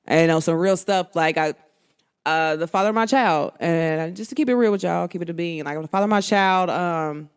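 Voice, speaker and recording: Frank, expressive woman podcast host. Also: fairly low pitch, moderate pace, clear, resonant tone. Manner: expressive, frank, slangy, acts out quoted dialogue. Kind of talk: candid monologue to listeners.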